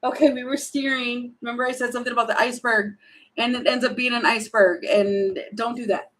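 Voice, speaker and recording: A woman doing a casual tarot reading, thinking aloud and animated, with many fillers and restarts. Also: on the high side, fairly quick, poor audio. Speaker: tarot reader.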